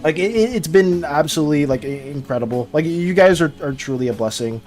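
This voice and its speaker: A streamer chatting casually on a live art stream, tripping over words and restarting sentences in a flustered rush. The pitch swings widely, jumping high when excited and dropping low when calmer. Faint music plays underneath. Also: fast talker.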